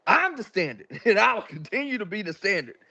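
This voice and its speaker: A man's voice: sits high, big pitch swings, brisk, creaky, pushed and bright. A man on a wrestling panel boasting in cocky, swearing trash talk.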